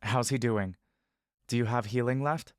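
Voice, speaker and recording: A calm, soothing male furbolg speaking telepathically, as a male narrator puts him on. He reassures in a gentle, even tone with an elvish intonation. The sound is dry and close, as in an audiobook fantasy story. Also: medium pitch, moderate pace, no echo, natural voice.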